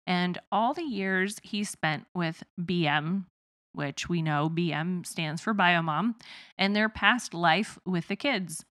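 A woman's voice: lowish voice, takes it slowly, fairly bright tone. A woman in her thirties from the rural Midwest with a slight twang, co-hosting a casual podcast, chatty and laughing often. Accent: rural Midwestern American with a slight twang. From rural Midwest of the United States. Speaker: podcast co-host.

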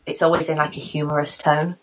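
A woman in her late twenties chatting casually, laughing often and becoming animated when she quotes herself. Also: low voice, fast. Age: 20s. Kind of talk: casual chat.

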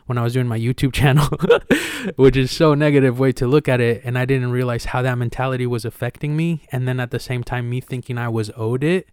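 A man's voice: medium pitch, fairly quick, darkish tone, clean tone, no room sound, clean studio sound. A man hosting a podcast in casual conversation, talking candidly with slang and swearing, and acting out the conversations he retells. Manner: acts out retold dialogue with energy. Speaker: podcast host.

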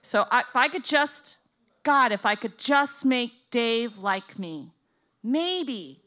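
A young woman from Florida telling a comic story, acting out the people in it and swinging from loud to hushed. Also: on the high side, slow. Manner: animated, acts out voices, swings from loud to hushed.

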